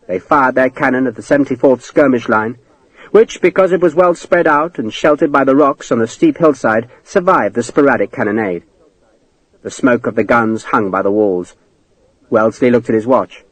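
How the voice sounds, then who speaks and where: Expressive male audiobook narrator. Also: medium pitch, no echo, rough recording. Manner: dramatic, expressive reading. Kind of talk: scripted narration.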